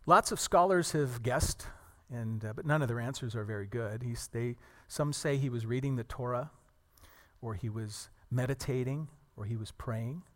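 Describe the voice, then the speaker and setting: A man preaching a sermon to a congregation, earnest and animated, telling stories and acting out the people in them. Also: medium pitch, moderate pace, long reverb tail. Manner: earnest, animated storytelling with acted quotes.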